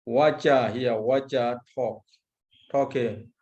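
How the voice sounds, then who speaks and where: Male Buddhist monk teacher, unhurried lecture with repeated terms, dull low-fi recording. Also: fairly even intonation, a little mellow. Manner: slow, repeats Pali terms, frequent hesitations. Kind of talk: lecture on a Pali text.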